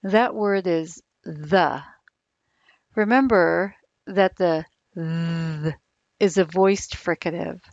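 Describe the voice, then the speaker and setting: A woman explaining English pronunciation slowly and deliberately, like a coach. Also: fairly low pitch, no echo. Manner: slow, deliberate, instructive. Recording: dull, lo-fi sound.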